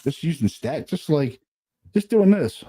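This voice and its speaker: A man's voice: on the high side, expressive, measured pace, mellow, husky. A man chatting casually as a paranormal investigator, laid-back, often tagging his sentences with "you know what I mean" and "man.". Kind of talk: casual chat.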